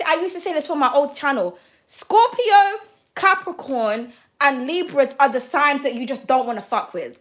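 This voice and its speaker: High-voiced blunt woman. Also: a bit bright. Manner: blunt, profane, ranting. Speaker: tarot and astrology reader. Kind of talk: livestream chat.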